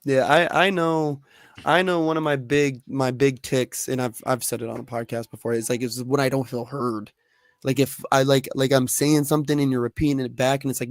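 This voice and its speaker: A man's voice: mid-range voice, a little fast, no room sound, clean studio sound. A young man co-hosting a podcast in casual chat, telling stories and acting out quoted lines with lots of energy. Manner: animated storyteller who acts out quoted lines. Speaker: podcast co-host.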